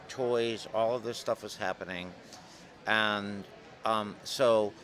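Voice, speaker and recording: Animated storytelling man, lowish voice. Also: a little hiss or hum. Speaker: comic artist guest. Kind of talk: storytelling interview. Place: convention floor.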